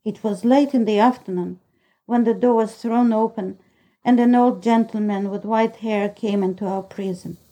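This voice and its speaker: Mellow-voiced woman reading a story. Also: mid-range voice, fairly even intonation, moderate pace, low-quality recording. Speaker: audiobook narrator. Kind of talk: scripted first-person narration.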